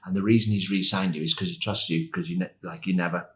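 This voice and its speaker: A man in his sixties, a former footballer, telling animated anecdotes as a podcast guest and laughing as he goes. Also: sits low, fast talker. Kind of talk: anecdotal storytelling.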